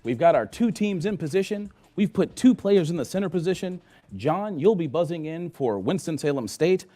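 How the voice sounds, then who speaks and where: A man's voice: on the high side, expressive, moderate pace, mellow, faint music behind. A man hosting a quiz show, explaining the setup in a friendly way.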